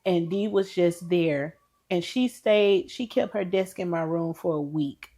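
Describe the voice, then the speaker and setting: A woman's voice: fairly low pitch, unhurried, mellow. A woman co-hosting a podcast, telling an earnest, emotional story about a friend in casual chat. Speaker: podcast co-host.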